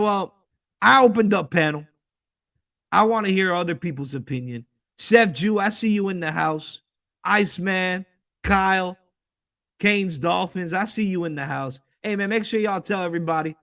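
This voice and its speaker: Gravelly, high-voiced man ranting as host. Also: a bit bright, no room sound, studio quality. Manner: profane, heated, fast-talking rant. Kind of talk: ranting fan talk show.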